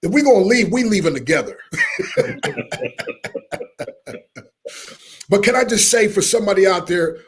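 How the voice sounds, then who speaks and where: A middle-aged man, a motivational speaker telling a lively story in an interview and acting out the people in it. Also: high voice, unhurried, long pauses, breathy edge. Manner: animated storyteller, acts out quoted voices, laughs often.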